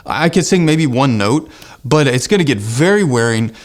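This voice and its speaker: A man in his thirties teaches singing online, in an earnest and encouraging tone with a light lilt. His speaking voice sits at an ordinary middle pitch. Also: expressive, moderate pace. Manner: earnest, encouraging, breaks into sung exercise demos. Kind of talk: online vocal lesson with sung demonstrations.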